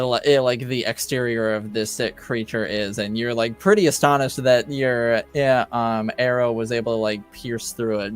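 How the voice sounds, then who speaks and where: A man running a tabletop game as game master, describing scenes haltingly with many pauses and filler words. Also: medium pitch, clear, resonant tone. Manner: halting, full of ums and likes.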